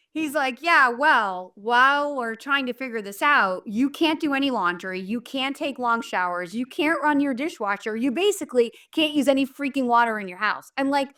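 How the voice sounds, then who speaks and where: A middle-aged manifestation coach from southern New Hampshire tells a story casually and animatedly, acting out the people she quotes and using lots of fillers. Her voice sits on the high side, a bit bright, with lively intonation at a moderate pace.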